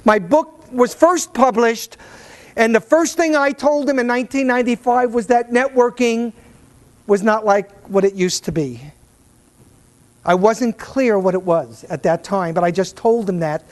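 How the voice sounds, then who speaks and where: A man giving a motivational talk to a live audience from a stage, an animated storyteller who often stammers and repeats words. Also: very high-pitched, a little slow. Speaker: keynote speaker. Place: event stage.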